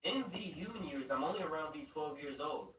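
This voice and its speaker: A man's voice: fairly high pitch, expressive, brisk. A man streaming an improvised comedy skit, talking in a playful, slangy way. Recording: roomy echo, distant mic, faint noise.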